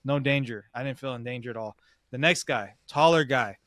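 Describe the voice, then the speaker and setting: On a podcast, a young man recounts a competition in a slangy, swear-heavy way, repeatedly addressing his listener as "bro". He talks fairly quickly in a mid-range, fairly bright voice. The sound is clean studio audio with no room sound.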